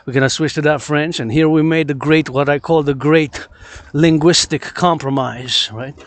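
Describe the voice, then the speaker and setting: A man's voice: fairly high pitch, fairly even intonation, normal speed. Impassioned, repetitive outdoor vlogging man. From Quebec, Canada. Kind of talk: rambling outdoor vlog monologue. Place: outdoors, moving around a city.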